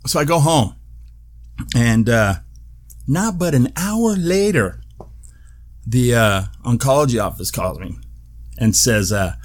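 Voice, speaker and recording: In a slow, medium-pitched voice with frequent pauses, the host of his own show offers a casual monologue update. He spins a lively story, laughing a lot and swearing without restraint.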